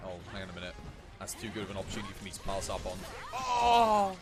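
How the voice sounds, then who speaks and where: A man's voice: low-pitched, rapid-fire, over music. A young man chatting and laughing while live streaming a video game. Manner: animated, chatty, laughs often. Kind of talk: live gameplay streaming chat.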